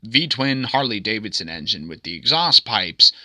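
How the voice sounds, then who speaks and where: A man narrating his own comic in a loose, crude, joking way and chuckling at his own asides. His voice is sharp and bright and moves a lot in pitch. It is close-miked and dry, with no room sound. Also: very animated, moderate pace, no echo. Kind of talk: casual commentary.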